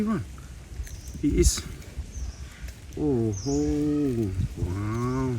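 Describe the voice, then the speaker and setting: A man with filming monkeys outdoors at sunset, chattering in excited, repetitive exclamations. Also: medium pitch. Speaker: wildlife vlogger filming monkeys. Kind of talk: casual live commentary while filming. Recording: distant outdoor camera audio with noise.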